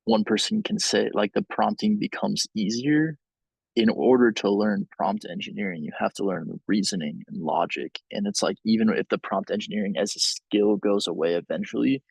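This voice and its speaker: A man with a low, gravelly and slightly husky voice works through his ideas with hesitant restarts. The sound is dry and close to the mic. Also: dry recording, rough recording. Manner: thoughtful, hesitant, many restarts and fillers. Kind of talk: casual conversation.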